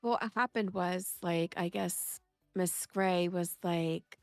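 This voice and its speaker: A woman's voice: lowish voice, steady tone, slow, gravelly, no room sound, faint music behind. A young woman co-hosting a podcast, bantering playfully in slang and tossing in "dude". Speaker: podcast co-host. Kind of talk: casual chat.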